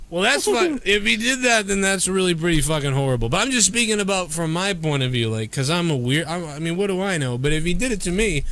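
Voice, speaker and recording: A man's voice: on the high side, fast, a bit bright. A man hosting a live call-in stream, rambling through crude, profane jokes in casual banter. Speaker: live stream show host.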